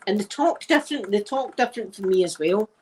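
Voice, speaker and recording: A middle-aged woman with a Glaswegian Scottish accent, telling stories in a relaxed ASMR chat and dropping Scots words as she goes. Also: mid-range voice, brisk, a little hiss or hum, low-quality recording. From Scotland. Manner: chatty anecdotal storyteller using Scots words. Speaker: ASMR creator.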